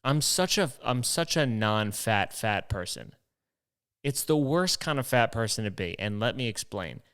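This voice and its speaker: Rambling, profane young man, smooth voice. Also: medium pitch. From New York. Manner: profane, self-deprecating, rambling storyteller. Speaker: podcast host. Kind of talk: rambling casual monologue.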